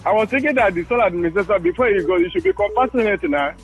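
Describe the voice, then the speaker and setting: A man's voice: high-pitched, rapid-fire, husky, soft background music. A Nigerian man calling into a radio show, insistently repeating his demands. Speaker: caller. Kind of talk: call-in radio commentary. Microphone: phone call into a radio studio. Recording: muffled phone line.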